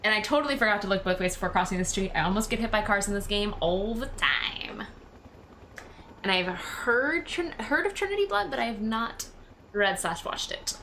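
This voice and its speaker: A woman's voice: medium pitch, animated, moderate pace, a bit bright, slight background noise. A woman streaming a game live, chatting to viewers in a bubbly way.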